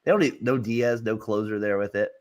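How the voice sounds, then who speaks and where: A man co-hosting a casual sports chat, rambling and halting with many fillers. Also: fairly low pitch. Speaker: co-host.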